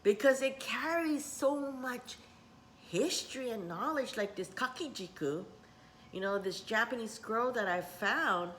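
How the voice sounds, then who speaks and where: Middle-aged woman workshop teacher, casual vlog, unhurried and rambling, Japanese words scattered in. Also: on the high side, slight background noise. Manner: rambling, warm-hearted, mixes in Japanese words.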